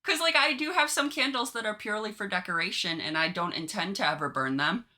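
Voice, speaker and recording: A woman's voice: mid-range voice, fast, bright, forceful tone. A woman co-hosting a podcast, chatting and joking as she reacts to online stories, giggling often. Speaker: podcast co-host. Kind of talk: casual chat reading online stories.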